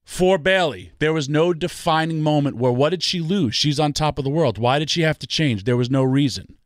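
A man's voice: on the high side, a little fast, no echo, studio quality. A man ranting about wrestling on a talk show, emphatic and full of rhetorical questions. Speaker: wrestling podcast guest. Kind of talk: passionate ranting commentary.

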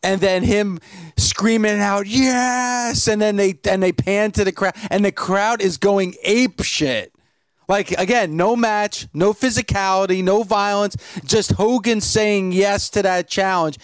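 Man co-hosting a podcast, higher voice, earnest storyteller, dry sound. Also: fairly even intonation, measured pace, dry recording. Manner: earnest storyteller, retelling a scene. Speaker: podcast co-host. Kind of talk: casual wrestling chat.

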